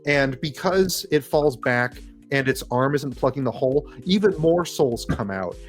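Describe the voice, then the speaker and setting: Male game master with an average-pitched voice, energetic and profane, over faint guitar. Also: unhurried. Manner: lively, swearing, laughing narration. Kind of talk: narrating a comedy tabletop game.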